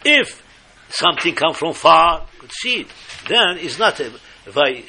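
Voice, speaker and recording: An older man from Morocco, giving an animated, emphatic storytelling sermon and slipping Hebrew phrases into his English. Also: a little high, normal speed, vocal fry, a little hiss or hum. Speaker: speaker giving a religious talk.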